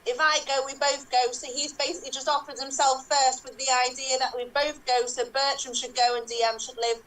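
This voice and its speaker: A woman playing improv, arguing quickly and persuasively. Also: high-pitched, level tone, fairly bright tone, distant mic, poor audio. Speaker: improv player. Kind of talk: improvised comic debate.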